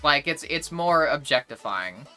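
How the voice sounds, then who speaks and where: A woman's voice: sits low, lively intonation, measured pace, sharp tone, soft background music. A young woman streamer chatting casually with her chat, rambling and blunt, swearing often and full of fillers and restarts.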